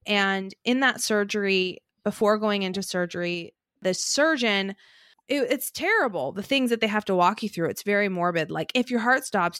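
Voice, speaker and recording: A woman's voice: medium pitch, fairly bright tone, dry recording, clean studio sound. A woman co-hosting a podcast, telling a personal story in a casual, earnest, conversational way. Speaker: podcast co-host. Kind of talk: casual heartfelt podcast talk.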